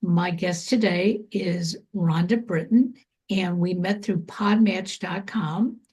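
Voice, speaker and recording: Husky, mellow-voiced woman host. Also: lowish voice, slow. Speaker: podcast host. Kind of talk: introducing a guest.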